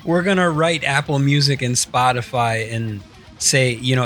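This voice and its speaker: Easygoing, bright-voiced podcast cohost. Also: male voice, mid-range voice, steady tone, normal speed, faint music behind. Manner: easygoing, laughs along, fillers. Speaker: podcast co-host. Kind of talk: casual podcast chat.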